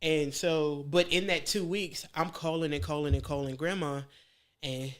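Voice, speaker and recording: Male guest, fairly high pitch, earnest conversational testimony that keeps checking in with the listener. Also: fairly even intonation, moderate pace, fairly bright tone. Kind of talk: casual personal testimony on a church livestream.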